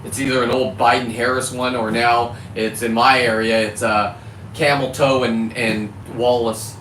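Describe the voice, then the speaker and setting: Male fisherman vlogger from California, heated profane monologue, forceful bright tone, distant echoey mic. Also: mid-range voice, little pitch movement, unhurried. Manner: heated, profane, self-correcting about cussing. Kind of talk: ranting monologue to camera. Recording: echoey, distant mic with faint background noise.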